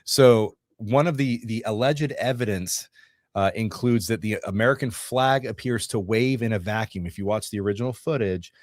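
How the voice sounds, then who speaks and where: Low-voiced man chatting casually on a stream. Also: normal speed, dry recording, clean studio sound. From Northeast Georgia, US. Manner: rambling, joking, reads viewer comments. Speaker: livestream co-host. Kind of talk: casual chat reading notes.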